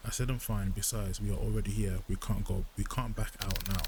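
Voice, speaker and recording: A man's voice: fairly low pitch, fairly even intonation, fairly quick, background noise, lightly acted. A man reading the lines of a shaken young male detective who insists he is fine. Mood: tense.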